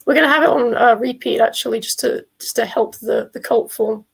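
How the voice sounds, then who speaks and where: A woman's voice: on the high side, a little fast, creaky, a little hiss or hum, rough recording. A woman chatting casually on a live stream. She rambles, jokes and gets easily sidetracked.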